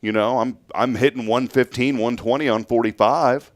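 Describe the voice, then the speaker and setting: A man's voice: mid-range voice, fairly even intonation, normal speed, no echo, clean studio sound. A man hosting a morning show, chatting casually, joking and rambling with frequent restarts. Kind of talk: casual chat.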